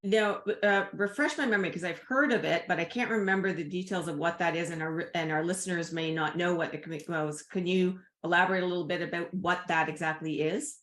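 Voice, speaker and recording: A woman podcast host with a fairly low voice talks in a casual, hesitant way, dotting her sentences with fillers. The room around her has a clear echo. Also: fairly even intonation, brisk, few pauses, fairly bright tone. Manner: hesitant, filler-heavy ("like, honestly, like"). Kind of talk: casual interview chat. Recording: echoey room.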